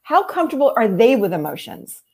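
In a relaxed interview, a middle-aged woman therapist explains her method in an animated way, performing other people's lines as she goes. Her slightly high, husky voice comes across brisk.

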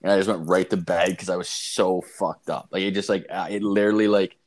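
A man's voice: deep voice, little pitch movement, fairly quick. A man co-hosting a podcast, telling rambling stories in casual, profane chat. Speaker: podcast co-host.

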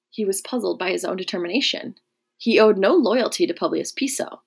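A woman narrating a historical novel in a measured, even storytelling manner. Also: mid-range voice, gravelly, breathy edge.

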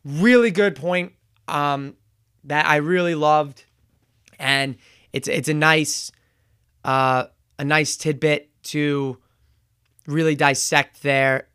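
A man giving a casual spoken review, retelling scenes in a chatty way with fillers and quick self-corrections. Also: on the high side, fairly even intonation, fairly bright tone, clean tone, no room sound, studio quality. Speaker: show reviewer.

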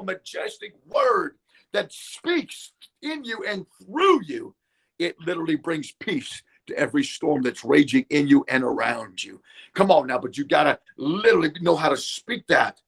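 Gravelly high-voiced preacher man. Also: a bit bright. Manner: fervent, repeating "come on now". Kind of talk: sermon.

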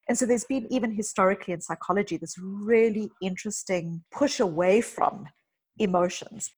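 A South African psychologist guesting on a podcast speaks earnestly, sharing personal stories and emphatic lists. Her mid-range voice is husky, and the recording quality is low.

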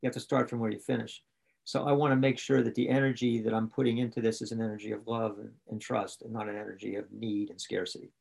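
Podcast guest, male, from West Virginia, raspy with some fry; rambles and corrects himself as he talks. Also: fairly low pitch, level tone, fast talker, darkish tone. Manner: rambling, self-correcting storyteller. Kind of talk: candid conversation.

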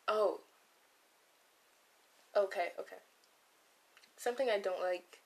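A woman's voice: on the low side, fairly even intonation, normal speed, pauses often. A young woman vlogger in a casual, comedic monologue, rambling and losing her train of thought with playful asides, close to the mic. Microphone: close microphone.

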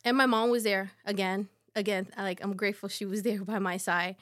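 A woman in her thirties, a podcast guest, telling a personal story in a halting, soft way with many fillers. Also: medium pitch, fairly even intonation. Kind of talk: casual conversation.

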